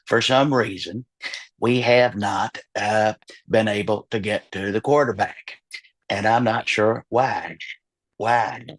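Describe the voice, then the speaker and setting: A man putting on the voice of an older male team owner, speaking in a slow, halting drawl. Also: fairly low pitch, steady tone, pitched below the performer's own voice. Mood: puzzled.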